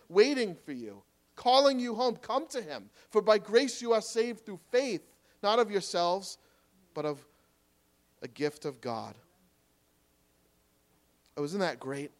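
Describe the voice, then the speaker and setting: Male pastor, slightly high voice, earnest pleading sermon delivery, loud urging dropping to quiet reassurance.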